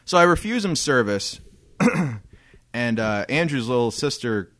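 A man's voice: medium pitch, sing-song, measured pace, a bit bright, no echo. A man telling a story in a casual podcast chat, swearing freely and laughing often. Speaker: podcast co-host.

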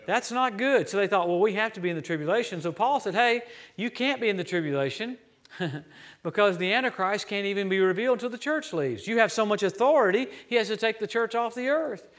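High-voiced man preaching with lively peaks. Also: a little fast. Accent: American. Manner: lively, jokey preaching with sudden loud peaks. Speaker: guest preacher. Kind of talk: sermon.

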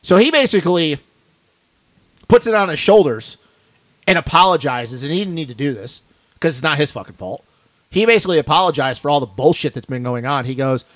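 A man's voice: a little high, lively intonation, a little fast, fairly bright tone, dry recording. A man co-hosting a podcast in a studio, ranting bluntly and swearing a lot in casual chat. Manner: blunt, profane, fired-up ranting. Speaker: podcast co-host.

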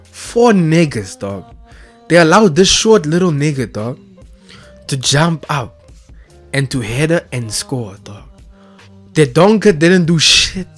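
A young man rants casually about football, excitable and slang-heavy, tagging nearly every phrase with street slang. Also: fairly high pitch, slow pace, long pauses, soft background music. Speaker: vlogger.

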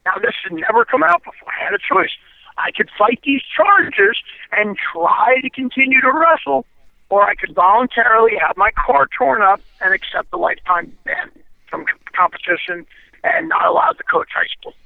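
A man with a high, rough, gravelly voice talks bluntly through an interview, swearing freely and checking in with "you know" and "okay?". The sound is thin and phone-like, with no room around it. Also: no echo. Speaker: interview guest. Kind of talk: candid storytelling interview. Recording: tinny phone line, dry.

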